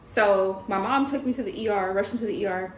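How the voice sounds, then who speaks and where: Speaking a little fast in a mid-range voice, this thirtysomething woman tells a chatty story on her tarot-reading livestream, addressing viewers directly and laughing a lot. Slight background noise comes through, along with a roomy echo and faint ambience.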